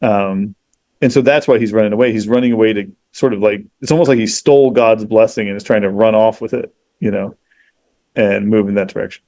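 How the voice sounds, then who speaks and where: A man in casual podcast conversation, retelling a story in a lively, profane way, peppered with "you know" and "like.". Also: lowish voice, fairly quick, no echo. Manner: animated, profane, acts out quoted characters; frequent fillers like "you know" and "like". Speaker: podcast guest.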